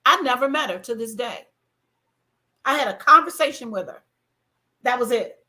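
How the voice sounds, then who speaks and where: A woman's voice: a little high, bright, forceful tone. A woman hosting a faith talk show, speaking candidly and emphatically, often acting out what she once said. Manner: emphatic, acts out her own past words. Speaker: ministry conference host.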